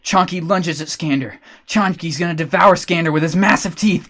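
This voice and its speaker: A man streaming, chatting excitedly with his viewers as he plays along with a story game. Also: sits high, normal speed, hardly any pauses. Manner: excitable, talks to chat. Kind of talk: casual livestream chat.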